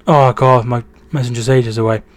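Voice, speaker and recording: A man's voice: medium pitch, a little slow, no echo. A young man hosting a casual football live stream, reading chat messages, thanking viewers and calling out match updates. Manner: reads chat aloud, thanks viewers, trails off and restarts; excited shouting at goals.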